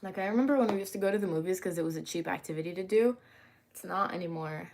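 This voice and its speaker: A young woman hosts a casual livestream from home, chatting with viewers, greeting them by name, and using lots of filler words. Her voice is lowish, fast, and creaky, with a darkish tone.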